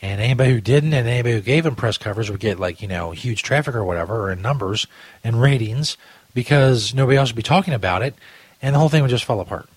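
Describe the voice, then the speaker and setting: A man's voice: medium pitch, animated, fast talker, husky, no echo. A man hosting a podcast in a casual, rambling, crude style, often laughing at his own jokes. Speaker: podcast host. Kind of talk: casual commentary chat.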